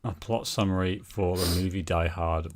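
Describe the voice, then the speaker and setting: A man's voice: low-pitched, steady tone, normal speed. A British man co-hosting a podcast, rambling with hesitations and mock outrage in casual chat. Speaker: podcast co-host.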